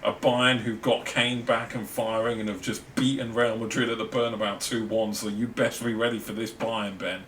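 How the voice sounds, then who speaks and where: Australian man, podcast co-host, casual ranting chat, lowish voice, distant mic, faint hum behind. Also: little pitch movement, normal speed, few pauses, a bit bright. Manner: chatty, ranting, yawning, laughs often.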